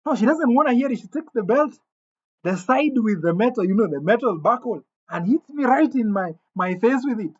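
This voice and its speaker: Brief: animated male storyteller, husky, muffled lo-fi sound. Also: high-pitched, normal speed. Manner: animated, indignant, stumbling restarts. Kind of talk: comic storytelling. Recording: dull lo-fi recording.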